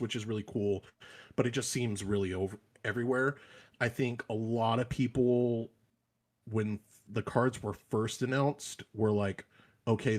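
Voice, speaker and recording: A man chatting casually on a gaming podcast, an animated storyteller who acts out other people's voices. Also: fairly low pitch. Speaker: podcast panelist.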